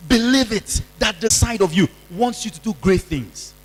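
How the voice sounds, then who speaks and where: A man's voice: high voice, lively intonation, normal speed, husky. A male pastor from Kenya preaching at a youth seminar, exhorting the audience and having them repeat lines after him. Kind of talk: youth seminar sermon with call-and-response. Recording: long reverb of a large hall.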